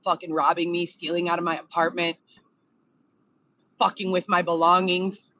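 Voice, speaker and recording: A woman's voice: fairly low pitch, flat delivery, moderate pace, fairly bright tone. A woman venting in a monologue video, agitated and profane, reeling off complaints one after another. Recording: dull lo-fi clip audio.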